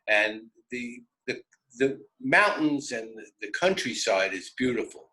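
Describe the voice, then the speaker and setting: A man telling a road story on a radio show, animated and self-interrupting, often laughing. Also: medium pitch, unhurried, low-quality recording. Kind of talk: casual storytelling.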